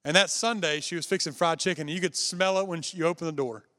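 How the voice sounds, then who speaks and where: A man's voice: a little high, quick pace, fairly bright tone. A man preaching a sermon, telling a personal story in a conversational way and speaking directly to the congregation. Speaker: pastor.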